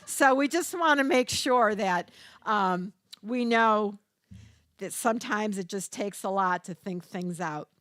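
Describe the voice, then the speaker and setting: Slow-talking older woman teaching caregivers. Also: mid-range voice, fairly bright tone, no echo. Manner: storytelling, acts out quoted voices. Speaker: caregiving workshop presenter. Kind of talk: teaching workshop talk.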